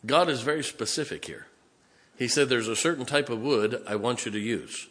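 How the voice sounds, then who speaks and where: A man's voice: mid-range voice, normal speed, a bit bright. A male pastor preaching a sermon in a church, reading scripture aloud and explaining it with emphatic, direct address to the congregation. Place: church sanctuary. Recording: long reverb of a large hall.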